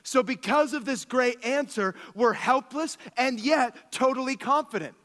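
Pastor guy preaching, kinda high voice, big hall echo, animated storytelling. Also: measured pace, hardly any pauses. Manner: animated storytelling, swings from soft asides to exclaiming. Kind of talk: sermon.

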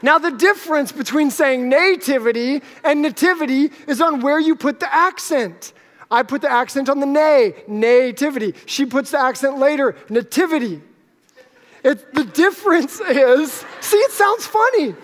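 A male pastor preaching a sermon to a live congregation, conversational and joking with the audience. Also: very high voice. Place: church sanctuary with live congregation. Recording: long hall reverb.

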